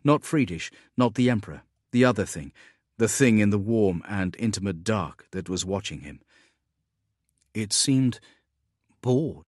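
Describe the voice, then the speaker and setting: A man reading a science-fiction audiobook in a measured, even storytelling manner, with a husky voice. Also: fairly low pitch, no echo, clean studio sound. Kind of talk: scripted audiobook narration.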